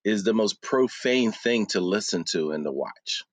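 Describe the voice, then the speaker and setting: A man's voice: lowish voice, normal speed, no echo. A man co-hosting a podcast, talking in a loose, casual way and telling stories with lots of fillers. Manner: animated storyteller, many fillers. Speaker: podcast co-host. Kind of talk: casual chat.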